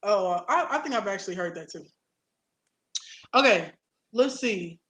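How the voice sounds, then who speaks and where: A bright, clear-toned young woman hosts a loose, casual chat. She rambles happily, reads out viewer comments, and trails off mid-thought. Her voice rings around a roomy, echoey space. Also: medium pitch, animated, moderate pace. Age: young adult. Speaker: host.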